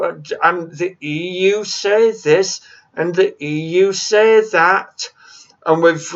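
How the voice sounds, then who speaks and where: A man delivering an impromptu solo rant, exasperated and mocking, swearing freely. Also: high voice. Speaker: solo ranter. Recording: dull lo-fi sound.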